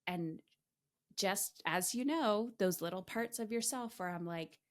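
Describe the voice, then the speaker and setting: With a medium-pitched voice and a measured pace, a middle-aged woman shares a personal story on her podcast. She's frank and forceful, cursing often as she animatedly relives what happened.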